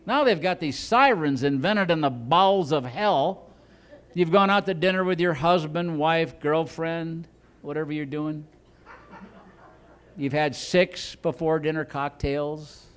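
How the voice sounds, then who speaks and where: High-voiced man doing stand-up. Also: unhurried, smooth. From Chicago. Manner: animated, acts out cops with loud siren sounds and accents. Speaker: stand-up comedian. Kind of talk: stand-up comedy set. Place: comedy club stage.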